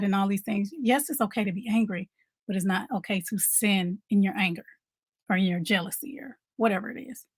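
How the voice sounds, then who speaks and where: A woman's voice: medium pitch, moderate pace, a bit bright, dry recording. A woman giving a motivational talk as a mom coach, conversational, repeating her points and asking viewers questions.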